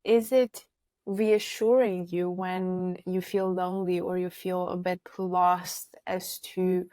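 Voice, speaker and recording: A woman interviewing a guest, asking gentle, probing questions. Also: lowish voice, flat delivery, slow pace, no echo.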